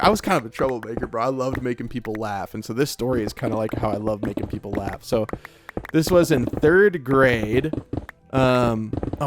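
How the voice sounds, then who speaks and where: A man's voice: mid-range voice, background noise. A young man telling a long, rambling childhood story in a laid-back way while playing a game, his talk full of "like" and "bro". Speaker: gaming streamer.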